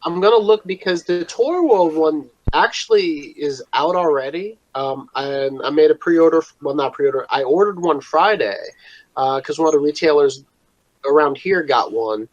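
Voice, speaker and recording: A man chatting on a podcast with a fairly high voice, rambling and joking at his own expense. His sentences wander and trail off. The sound is dry and dull, as if from a cheap home mic. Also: normal speed, no room sound. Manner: rambling, self-deprecating, trails off. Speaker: podcast co-host. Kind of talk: casual chat.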